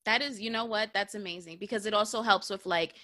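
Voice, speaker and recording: A woman's voice: mid-range voice, fast, pushed and bright, dry recording, clean studio sound. A woman in her thirties hosting a podcast, chatting casually and slangily about skincare, laughing often. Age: 30s. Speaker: podcast host. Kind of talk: casual chat.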